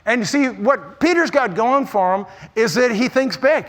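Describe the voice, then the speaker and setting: A man preaching in a large church auditorium, his voice sitting high and ringing bright. He delivers an energetic conference sermon with humor and punchy emphasis, doubling back on words as he goes. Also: moderate pace. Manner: humorous, emphatic, often repeats words and restarts. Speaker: pastor speaking at a church conference.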